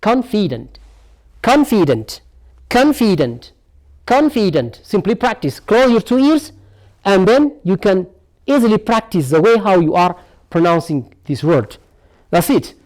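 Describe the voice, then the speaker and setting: On a televised classroom lesson, an Ethiopian man teaches English, drilling each word repeatedly and throwing out rhetorical "what?" questions. His high voice is expressive and a little mellow, at a moderate pace.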